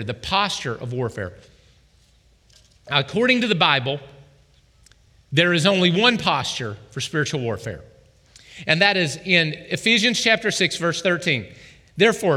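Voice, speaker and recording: A male pastor delivers a sermon in an animated way, often throwing questions out to his congregation. His voice sits high and sounds bright and forceful. The hall around him rings with a long reverb.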